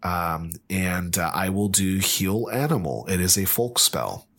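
A man's voice: low-pitched, animated, unhurried, a bit bright, breathy edge. A man playing a tabletop role-playing game, talking in a hesitant way full of restarts. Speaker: player.

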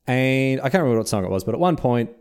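A man's voice: mid-range voice, lively intonation, rapid-fire, darkish tone, clear, resonant tone. An Australian man co-hosting a podcast, telling a rambling story in casual chat and acting out the dialogue. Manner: rambling, self-interrupting, acts out quoted dialogue. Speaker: podcast co-host.

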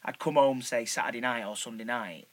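A man's voice: medium pitch, fairly quick. A man from northern England chatting casually, rambling with lots of fillers and swearing. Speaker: actor. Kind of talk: casual chat.

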